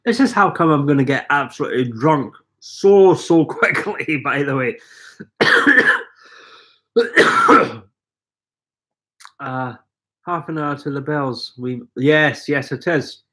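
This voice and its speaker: A man's voice: on the high side, lively intonation, slow, long pauses, pushed and bright. A middle-aged Scottish man at home with a cold, coughing and chatting self-mockingly on a live stream while reading out viewer comments. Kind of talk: rambling live stream chat. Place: living room at home.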